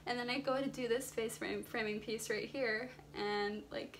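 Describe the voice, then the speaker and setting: A woman's voice: medium pitch, fairly even intonation, moderate pace, slight background noise. A chatty young woman vlogging a hair tutorial, rambling with lots of filler words, recorded on her phone at home. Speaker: beauty vlogger. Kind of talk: casual hair tutorial chat. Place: warm room at home. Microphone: phone camera.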